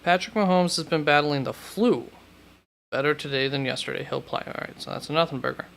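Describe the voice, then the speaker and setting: A man with a fairly high, bright and forceful voice hosts a live stream from what sounds like a home studio. His tone is smooth and crisp as he chats casually and thinks aloud, often stopping to correct himself. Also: fairly quick. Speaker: fantasy football host. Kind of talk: live-stream chat answering questions.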